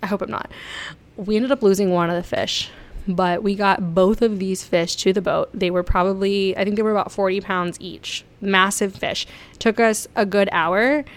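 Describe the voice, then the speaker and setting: Young woman just chatting, excitable, laughs a lot, medium voice. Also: mid-range voice, normal speed. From South Florida. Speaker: vlogger. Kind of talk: casual storytelling.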